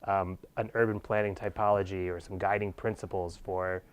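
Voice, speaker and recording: A man's voice: deep voice, flat delivery, moderate pace. A man interviewing a guest at a conference, asking thoughtful, musing questions with small hesitations.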